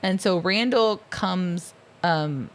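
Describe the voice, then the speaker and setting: A woman's voice: lowish voice, slow pace. A woman co-hosting a casual film podcast, recapping scenes with lots of laughter and ums, quoting lines in mock voices. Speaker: podcast co-host.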